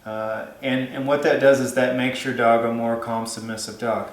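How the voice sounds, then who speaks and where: A man's voice: mid-range voice, level tone, moderate pace, few pauses, roomy sound, low-quality recording. A man giving dog-training advice in a casual, rambling way, with many fillers and restarts.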